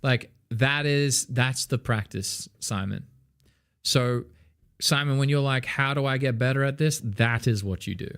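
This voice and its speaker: A man teaching music in a casual livestream, animated and loose, peppering his talk with "like" and the odd swear word. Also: mid-range voice, unhurried, smooth. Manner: sings song snippets to demonstrate. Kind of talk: casual livestream song feedback.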